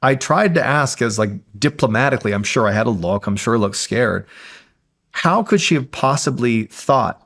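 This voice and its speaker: Gravelly-voiced man telling a scary story. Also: mid-range voice, expressive, normal speed, a bit bright. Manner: suspenseful, builds tension, frequent "like". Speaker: podcast guest storyteller. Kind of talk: casual spoken storytelling.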